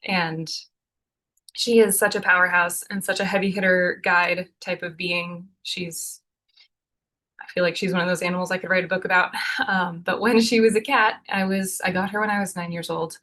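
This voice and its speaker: A woman's voice: fairly low pitch, little pitch movement, moderate pace, pushed and bright. A young adult woman on a podcast, telling a personal story in a chatty, earnest way with many fillers. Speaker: podcast co-host. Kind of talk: casual conversational storytelling.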